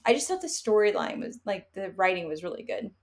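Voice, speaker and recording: A woman's voice: mid-range voice, very animated, a little fast. Giggly woman co-host chatting about a book. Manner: laughs often while talking. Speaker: podcast co-host. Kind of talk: casual book chat.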